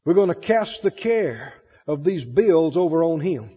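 A man preaching a sermon, animated, swinging between loud emphasis and soft asides. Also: fairly high pitch, measured pace, slightly rough, long reverb tail, lo-fi sound.

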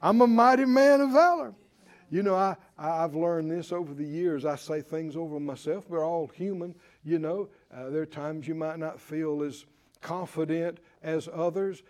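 A man preaching a sermon, animated and acting out Bible figures with chuckles. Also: a little high, normal speed.

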